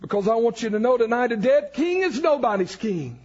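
A man preaching an evangelical sermon, fervent, building up to shouted emphasis on key lines. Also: very high voice, sing-song, brisk, slightly rough, muffled recording.

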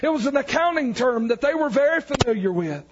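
Man, preacher, evangelical sermon, fervent, shouted emphasis, dull lo-fi recording. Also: very high voice, expressive, brisk, noisy background. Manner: fervent, builds to shouted emphasis on key lines.

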